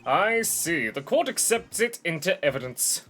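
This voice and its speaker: A man voicing an older male judge in a slow, ponderous courtroom manner. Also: on the high side, sing-song, pushed and bright, soft background music, heavily acted. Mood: solemn. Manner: ponderous, measured.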